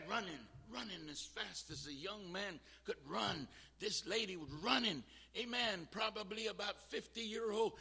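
A man preaching a fervent sermon as a visiting preacher, swinging from shouts to quiet talk. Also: high-pitched, expressive, a little slow, gravelly, husky, long reverb tail.

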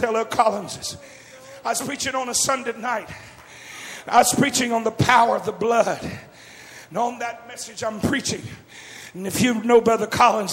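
Preacher guy hollering his sermon, real high voice, big echoey hall. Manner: shouting, drawn-out fervent preaching. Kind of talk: revival sermon.

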